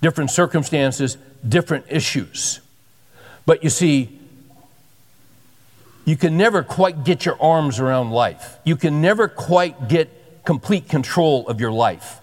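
Emphatic preacher in a big hall. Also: male voice, on the high side, unhurried. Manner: conversational, emphatic preaching with repetitions. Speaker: pastor. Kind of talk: sermon. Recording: long hall reverb.

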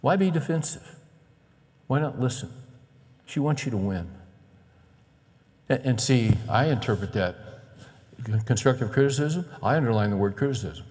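A middle-aged male pastor preaching a sermon in an animated way, acting out the voices he quotes. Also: mid-range voice, normal speed, pauses often. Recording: long reverb of a large hall.

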